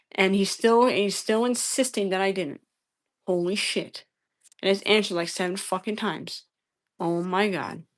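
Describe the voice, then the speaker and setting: A woman live-streaming a debate, answering chat questions in an exasperated, profane way and repeating herself. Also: mid-range voice.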